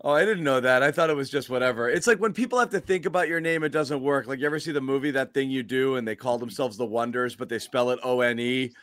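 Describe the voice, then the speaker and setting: A man's voice: mid-range voice, quick pace, few pauses, a bit bright, dry recording. A man hosting a casual sports podcast, teasing his co-hosts and telling stories. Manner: teasing, storytelling. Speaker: podcast host.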